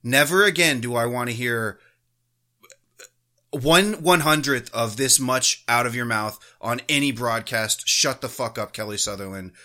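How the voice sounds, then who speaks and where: A man's voice: mid-range voice, moderate pace, bright, forceful tone. A man co-hosting a sports podcast, ranting heatedly with constant swearing. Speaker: podcast co-host. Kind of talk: casual podcast rant.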